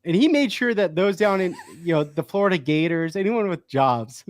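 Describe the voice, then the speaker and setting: Giggly rambling man, lively pitch. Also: moderate pace, dry recording, clean studio sound. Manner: giggly, rambling, breaks into laughter while reading. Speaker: podcast co-host. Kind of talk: casual sports chat.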